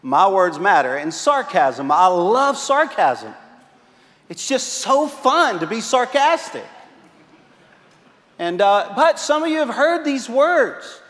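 A man's voice: high-pitched, big pitch swings, slow pace, fairly bright tone. A man preaching a sermon as pastor, telling self-mocking, humorous stories to his congregation. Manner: joking, self-mocking storyteller. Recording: long hall reverb.

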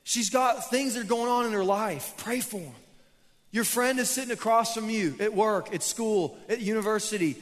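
A young man preaches to his church in a loose, storytelling way, poking fun at himself between points. His voice sits a little high. The sound carries a long reverb from a large hall. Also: normal speed. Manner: casual, storytelling preacher who laughs at himself. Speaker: pastor. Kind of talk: sermon. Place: church auditorium.

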